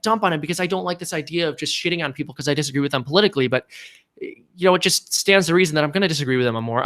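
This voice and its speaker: A man's voice: high voice, a bit bright. A man hosting a casual live stream, talking in a long-winded, rambling, self-deprecating way.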